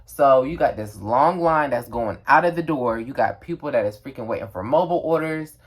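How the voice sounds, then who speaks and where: A young man telling a casual storytime, animated and emphatic, with lots of slang. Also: mid-range voice, brisk, husky. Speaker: vlogger.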